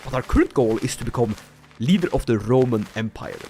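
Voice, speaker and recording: Some slight hiss or hum accompanies a Swedish streamer's mid-range voice, which runs a little fast. Livestreaming a strategy game, he offers casual commentary, joking animatedly, laughing often, and talking to chat as he plays.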